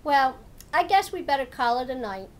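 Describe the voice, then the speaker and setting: A woman's voice: high-pitched, big pitch swings, moderate pace, slight background noise. A woman voicing a friendly, curious big fuzzy orange cat in a storybook reading, with an eager, chatty manner.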